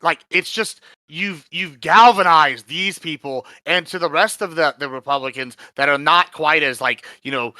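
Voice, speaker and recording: A man, a guest on an online panel, talking casually in halting bursts full of restarts over a voice call. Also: on the high side, pushed and bright, dry recording, low-quality recording. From Texas. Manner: halting, many restarts and fillers.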